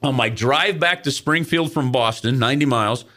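A middle-aged man telling a story as an interview guest, in a casual and animated way, acting out other people's lines. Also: mid-range voice, moderate pace.

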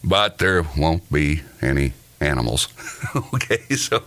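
A male host with a very low voice that still moves around a lot in pitch. He reads news stories in a casual morning-show manner and often breaks into laughter. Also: big pitch swings, measured pace, a bit bright. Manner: laughs often while reading.

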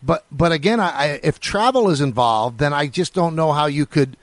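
A man co-hosting a sports radio show, thinking out loud and weighing ideas with many restarts. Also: fairly high pitch, expressive, normal speed, no echo. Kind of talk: casual sports radio discussion.

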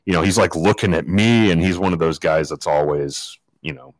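A man co-hosting a podcast, telling stories in a rambling, animated way. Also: low voice, brisk, dry recording. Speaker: podcast co-host. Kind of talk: casual storytelling chat.

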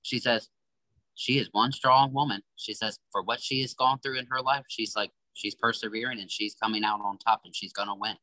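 A man's voice: fairly low pitch, steady tone, moderate pace, sharp tone, no room sound, low-quality recording. A man guest, a psychic medium, giving a reading and earnestly relaying quoted messages. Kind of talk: giving a spiritual reading in conversation.

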